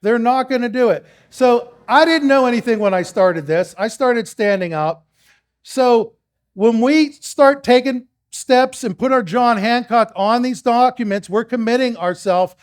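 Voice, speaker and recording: A man's voice: very high voice, measured pace. A man speaking to a live audience, telling rambling stories, acting out exchanges with others, and putting questions to the crowd. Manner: storytelling, acts out quoted exchanges; rambling with restarts, addresses the crowd. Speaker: speaker at a public meeting.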